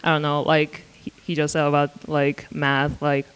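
A man's voice: fairly high pitch, monotone, moderate pace, fairly bright tone, clear, resonant tone, long reverb tail. A young man answering in class, shy and giggly. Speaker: student volunteer.

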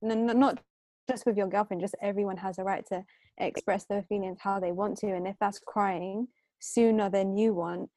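A woman's voice: mid-range voice, steady tone, normal speed, warm tone, no echo, clean studio sound. A young woman co-hosting a podcast, talking earnestly and frankly about feelings in relationships. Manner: earnest, opinionated, self-described as very emotional. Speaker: podcast co-host. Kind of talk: casual podcast chat.

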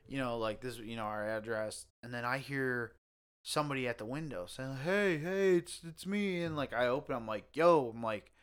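A man telling a story among friends in casual podcast chat, animated and swearing, getting loud at the tense parts. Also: mid-range voice, a little fast, smooth. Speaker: podcast co-host.

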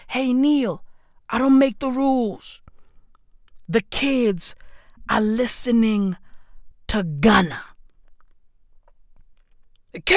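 Loud swaggering woman ranting in slang. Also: on the high side, dry recording, studio quality. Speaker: comedic commentator. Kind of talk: comedic rant.

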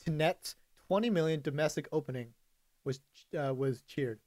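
A man's voice: on the high side, moderate pace, a little mellow, dry recording. A young man co-hosting a podcast in casual chat, rambling, with lots of fillers and frequent laughs.

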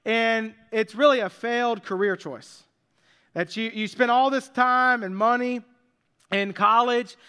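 Bright-voiced conversational male preacher. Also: extremely high pitch, clear, resonant tone, in a large hall. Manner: conversational, self-deprecating, slows for emphasis. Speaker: pastor. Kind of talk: sermon.

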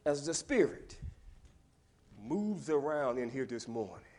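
A male preacher delivering a sermon in a church, swinging from hushed whispers to shouted lines and drawing call-and-response from the congregation. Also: medium pitch, very animated, a little slow. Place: church sanctuary.

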